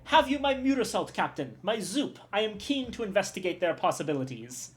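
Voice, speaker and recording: A woman's voice: mid-range voice, big pitch swings, brisk, a little hiss or hum, voice pushed up, close to an everyday voice. A woman voicing an eager, grandiose male ship's chef in a game, with a put-on French accent and theatrical delivery. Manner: theatrical, exclaiming.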